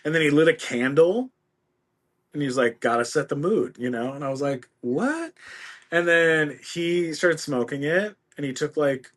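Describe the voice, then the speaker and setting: A man's voice: on the high side, moderate pace. A middle-aged man telling a story as a podcast guest, playfully acting out the voices of the people in it. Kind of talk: casual interview storytelling.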